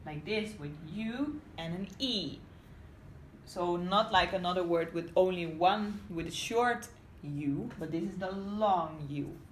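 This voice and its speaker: A woman's voice: fairly low pitch, slow. A woman teacher giving a phonics lesson to young children, asking patient, coaxing questions and reading a story aloud. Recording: roomy home recording with faint hiss.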